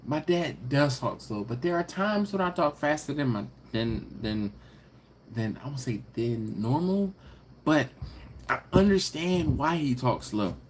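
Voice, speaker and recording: A man hosting a live stream in casual chat, reading viewer comments aloud and answering them playfully, with frequent laughter and drawn-out teasing emphasis. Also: mid-range voice, lively intonation, a little hiss or hum. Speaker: livestream host.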